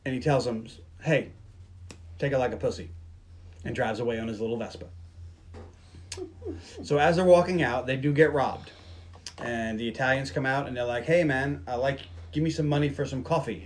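Podcast host, male, mid pitch, chatty plot recap, slips into character voices for quoted lines. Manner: storytelling, acting out scenes in quick quoted voices. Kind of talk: casual movie recap chat.

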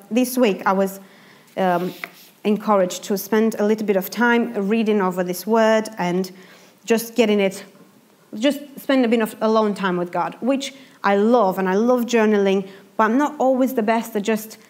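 A young woman giving a sermon, telling a personal story in a lively, animated way. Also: medium pitch, normal speed. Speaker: preacher.

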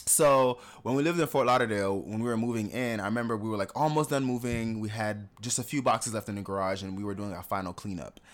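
A man's voice: fairly low pitch, fast, hardly any pauses. A young adult man co-hosting a podcast, telling candid personal stories in casual conversation and laughing often. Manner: candid, laughs often, animated when acting out others. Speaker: podcast co-host.

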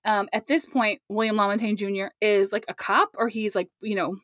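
A young adult woman co-hosting a podcast in casual, animated chat, laughing often. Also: mid-range voice, fairly quick, no echo, studio quality. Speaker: podcast co-host.

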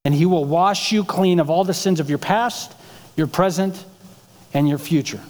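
A male pastor with a voice high for a man but darkish in tone preaches at a moderate pace in a church sanctuary. He speaks conversationally to the room, throwing out rhetorical questions, while long reverb trails his words.

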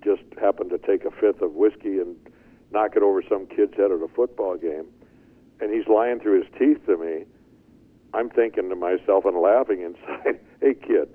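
An older man telling his life story as an interview guest, animated and chuckling as he goes. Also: deep voice, normal speed. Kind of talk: storytelling testimony. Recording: tinny phone-like line.

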